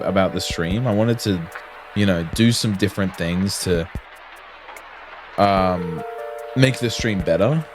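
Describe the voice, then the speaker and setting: Young guy streamer ranting at chat, lively up-and-down voice, swears a lot, music going in the back. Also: fairly low pitch. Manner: animated, heavily profane, slangy. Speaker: livestreamer. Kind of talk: casual livestream rant to chat.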